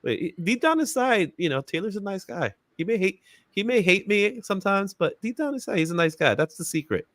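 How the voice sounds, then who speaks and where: Hosting a casual livestream, the man sounds high-voiced and fairly bright, talking fairly quickly with big pitch swings. He's chatty and upbeat, laughing often, calling out viewers in the chat by name and dropping fillers like "you know what I'm saying." The studio sound is clean with no echo.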